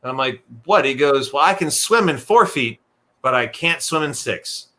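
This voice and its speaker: A young man tells funny stories in an easygoing chat, his voice bright and ringing. He slips into the voices of the people he describes and keeps the telling animated. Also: medium pitch. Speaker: podcast guest telling stories. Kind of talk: casual storytelling chat.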